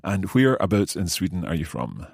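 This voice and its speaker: Deep husky man hosting a lesson. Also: big pitch swings, normal speed, a little mellow, no echo, studio quality. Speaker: podcast host and learner. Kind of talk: scripted language lesson chat.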